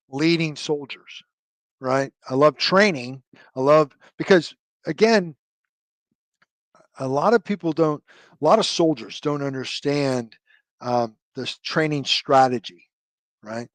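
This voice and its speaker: A man in his fifties tells a long service anecdote as an interview guest, drifting through fillers and restarted sentences in a voice that sits a little high for a man. The sound is close and dry, with almost no room around it. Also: no echo. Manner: rambling, many fillers and restarts, loose military jargon. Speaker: guest, retired army officer.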